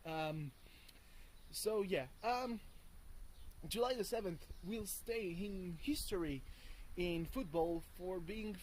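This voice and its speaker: A man's voice: sits high, slow pace, pauses often, slight background noise, rough recording. A man, rambling casually and swearing freely while vlogging from home on a hot morning. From France. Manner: rambling and profane, with many fillers and chuckles. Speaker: video blogger.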